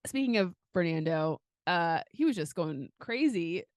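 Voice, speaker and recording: A woman's voice: on the low side, unhurried, no room sound, studio quality. A woman co-hosting a podcast, chatting casually with frequent hesitations and restarts. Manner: hesitant, restarts often, lively. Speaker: podcast co-host. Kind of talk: casual chat.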